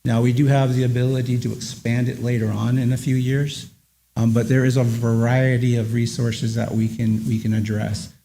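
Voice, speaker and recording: A man representing a conservation agency who speaks at a public meeting in a halting way, with many fillers. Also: medium pitch, flat delivery, dark tone, slight background noise, rough recording.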